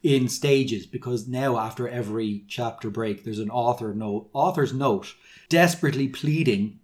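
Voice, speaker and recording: Male podcast co-host, mid pitch, dramatic deadpan readings of bad fiction. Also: moderate pace. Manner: mock-dramatic reading with sarcastic asides. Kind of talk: casual chat, reading fan fiction aloud.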